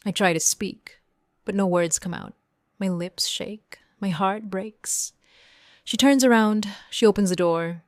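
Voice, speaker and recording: A young woman narrating a first-person story in slow, simple, clear sentences for English learners. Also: mid-range voice, no echo, studio quality. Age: young adult. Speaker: audiobook narrator.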